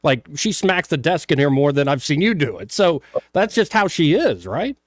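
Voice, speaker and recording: A man's voice: on the high side, big pitch swings, normal speed, no echo. Male talk radio host in a dry studio. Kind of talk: casual radio interview.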